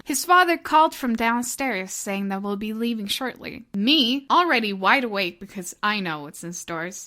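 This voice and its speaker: A young woman narrating an animated story vlog in an excitable, giggly, gushing way. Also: medium pitch.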